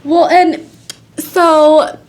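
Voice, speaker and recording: A woman's voice: high voice, fairly even intonation, drawn-out words. A woman co-hosting a podcast in casual chat, with dry, sarcastic banter. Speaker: podcast co-host.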